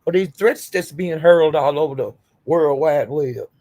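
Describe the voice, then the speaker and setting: Older woman streamer, husky and gravelly, dark tone, profane defiant rant. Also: low voice, moderate pace. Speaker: YouTube streamer. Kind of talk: livestream rant.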